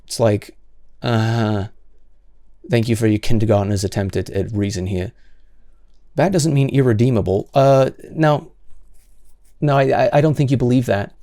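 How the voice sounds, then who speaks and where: A man's voice: mid-range voice, mellow, no room sound, studio quality. A man hosting solo commentary, answering comments in an exasperated, sarcastic way with many stammered restarts.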